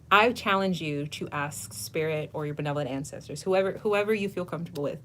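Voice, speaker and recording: Low-pitched and brisk, this female tarot reader and channel host barely pauses while answering viewers on her casual livestream. Her manner is effusive and gushing, full of frequent laughter and the occasional swear word, over slight background noise.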